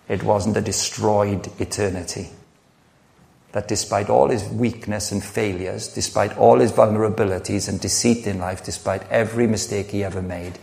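A man's voice: lowish voice, vocal fry, a little mellow. A middle-aged man preaching a sermon, earnest and conversational, telling personal stories with frequent restarts. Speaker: pastor.

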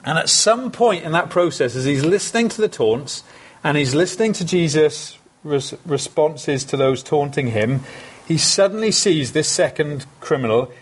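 A man's voice: on the high side, expressive, normal speed, slightly rough. A man preaching a sermon, earnest and emphatic, repeating phrases for stress.

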